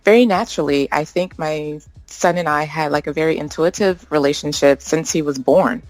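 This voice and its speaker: Storytelling woman guest, lower voice. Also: moderate pace, rough recording. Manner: warm storytelling, acts out quotes, laughs often. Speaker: podcast guest. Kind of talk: casual interview chat.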